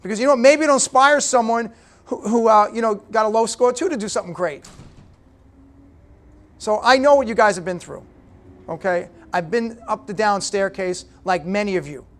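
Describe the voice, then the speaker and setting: A man's voice: sits high, moderate pace. A middle-aged man giving a motivational speech at a business breakfast, direct and punchy, often checking in with the audience. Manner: punchy, direct, talks to the audience with repeated "okay?". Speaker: guest speaker at a business breakfast.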